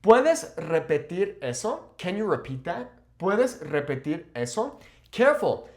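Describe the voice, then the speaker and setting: Lively man teaching in an echoey room. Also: high-pitched. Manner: lively, says "okay?" often, slows down to model phrases. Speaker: Spanish teacher. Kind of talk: casual video lesson.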